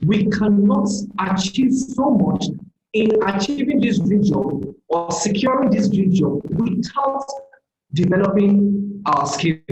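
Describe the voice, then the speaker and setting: A seminar speaker giving an earnest, motivational online career talk, often pausing on fillers. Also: mid-range voice. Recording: roomy echoey sound.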